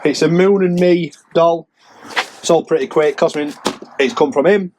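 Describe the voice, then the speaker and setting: A man's voice: on the high side, unhurried, darkish tone, slight background noise. A man giving a casual, rambling sales update as a reseller vlogger, chatty and self-mocking. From England.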